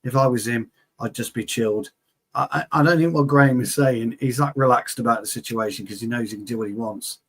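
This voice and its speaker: Brief: man, co-host, rowdy and jokey, husky voice with a mid-range pitch, swears a lot. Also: brisk. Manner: boisterous, joking, swears freely. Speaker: football show co-host. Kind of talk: casual chat.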